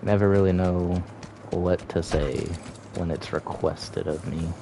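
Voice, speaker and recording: Deep, gravelly young male streamer. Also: fairly even intonation, unhurried, noisy background. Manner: laid-back, hums and scats between remarks. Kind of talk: casual gameplay commentary.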